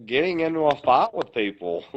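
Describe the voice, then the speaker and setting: A man's voice: medium pitch, sing-song, moderate pace, noisy background. A man co-hosting a podcast, telling a long story at a rambling pace and swearing often. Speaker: podcast co-host. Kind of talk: casual podcast chat. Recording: dull lo-fi podcast audio.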